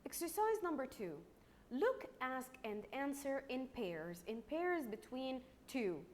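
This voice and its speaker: A woman's voice: sits high, very animated, a little hiss or hum. A young woman with an Egyptian accent teaching a primary English lesson, patient and repetitive, stretching words out to clap their syllables. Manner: slow and patient, repeats words, claps out syllables. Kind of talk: recorded online English lesson.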